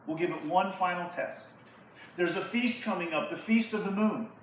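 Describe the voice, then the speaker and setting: A man playing a young hero on the run, wary and incredulous, his voice high and bright. It echoes widely through a big hall, caught from far off with a faint hiss behind. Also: normal speed, close to an everyday voice. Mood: scheming.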